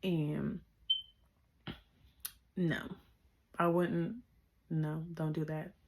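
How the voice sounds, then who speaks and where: A young woman telling a casual storytime to her viewers, chatty and slangy, repeating herself and breaking into animated asides. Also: low-pitched, very slow, noisy background.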